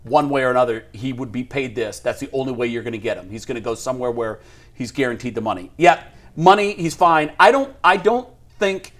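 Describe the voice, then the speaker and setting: A man's voice: mid-range voice, fairly quick, fairly bright tone. A man co-hosting a casual sports talk show, giving firm opinions and laughing at his own points. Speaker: sports radio co-host.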